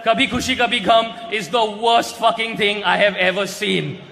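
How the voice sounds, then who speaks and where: A man doing a stand-up roast on stage, mocking his targets with crude punchlines and often shouting them. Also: high voice, steady tone, moderate pace, creaky. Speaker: roast comedian. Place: large hall with a live audience. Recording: echoey hall recording with crowd noise.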